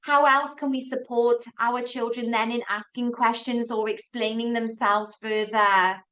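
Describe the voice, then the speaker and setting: Woman hosting a parenting webinar on a video call, highish voice, measured and affirming. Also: steady tone, fairly bright tone. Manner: affirming, measured, gives examples from daily life. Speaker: webinar moderator and school educator.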